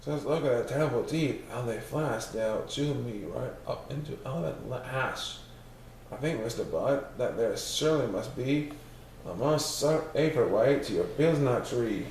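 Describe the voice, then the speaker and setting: A man's voice: mid-range voice, expressive, normal speed, a little mellow, recorded from a distance, slight background noise, natural voice. A man voicing a tired, honest male elephant who pleads and worries. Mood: worried. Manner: pleading, anxious. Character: weary, honest male elephant, big and put-upon. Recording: very echoey room.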